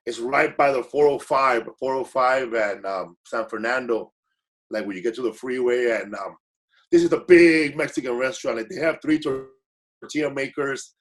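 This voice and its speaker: A man's voice: mid-range voice, moderate pace. A man guest comedian telling stories in a casual, rambling way, correcting himself as he goes and slipping into Spanish phrases. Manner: laid-back, rambling, self-correcting, slips into Spanish phrases. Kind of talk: casual storytelling.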